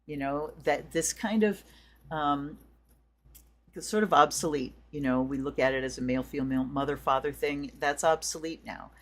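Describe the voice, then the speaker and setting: A woman hosting a tarot and astrology livestream, chatting in a rambling way with viewers and then leading a slow blessing. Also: low voice. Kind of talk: casual livestream chat and ritual blessing.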